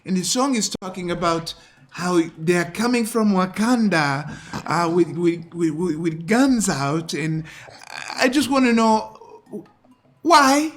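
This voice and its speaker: A man's voice: high voice, expressive, takes it slowly. A man voicing T'Challa as a stressed king, scolding his agents and repeating himself when exasperated.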